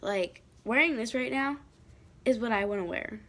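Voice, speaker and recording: A woman's voice: a little high, normal speed, a bit bright. A teenage girl talking casually and emotionally to her camera at home, rambling with many fillers and restarts. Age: teens. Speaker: vlogger. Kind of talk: casual confessional chat to camera.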